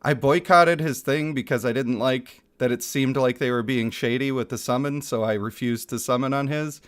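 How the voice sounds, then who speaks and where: A man streaming a mobile game from his home setup, chatting casually, getting excited and laughing often, into a desk microphone. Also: medium pitch, moderate pace, clear, resonant tone. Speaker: gaming streamer. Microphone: desk microphone picking up chair rumble.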